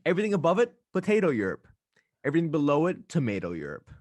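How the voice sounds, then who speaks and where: A young man hosting a podcast in casual chat, ranting animatedly with quick asides. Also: a little high, wildly swooping pitch, darkish tone, no echo. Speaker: podcast host.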